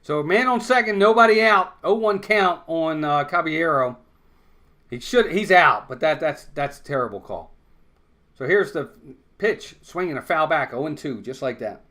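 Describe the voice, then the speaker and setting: High, animated fan commentator man. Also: moderate pace. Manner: emphatic, repeats his points insistently. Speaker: fan stream host calling the game. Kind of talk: fan play-by-play watch-along commentary.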